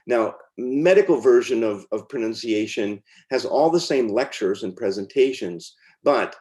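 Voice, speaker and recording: A man's voice: mid-range voice, expressive, measured pace, a little mellow. A man teaching as he walks through pronunciation lessons on screen, in an informal way with fillers and restarts. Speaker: teacher demonstrating software. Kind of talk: screen-share walkthrough.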